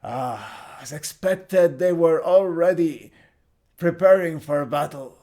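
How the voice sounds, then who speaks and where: A man voicing an adventurer in a tabletop game, giving firm, measured warnings. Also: fairly high pitch, dark tone. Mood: wary. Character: calm, knowing adventurer expecting a fight.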